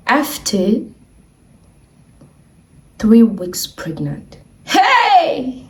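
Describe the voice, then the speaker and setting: A woman's voice: mid-range voice, measured pace, recorded from a distance. A young woman telling a personal story in a casual vlog, acting out the voices of the people in it. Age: young adult. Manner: animated, acts out quoted voices.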